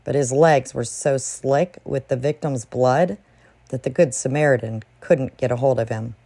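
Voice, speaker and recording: A woman's voice: rumbling low, normal speed, warm tone. A woman narrating a true crime story in a solemn, dramatic scripted delivery.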